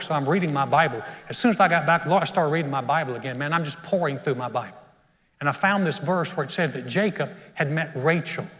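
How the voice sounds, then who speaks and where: A man's voice: a little high, fairly bright tone. A middle-aged man preaching a sermon, telling a personal story and getting choked up with emotion. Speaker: pastor. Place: church sanctuary. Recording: long reverb of a church hall.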